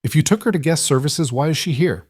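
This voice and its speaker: A male narrator puts on a frightened, furious mother whose voice jumps high and loud as she hurls accusations. She is shrill and near-hysterical. It is recorded dry and close. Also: animated, quick pace, breathy edge, no room sound. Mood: accusing. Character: frantic furious wealthy mother, adult woman.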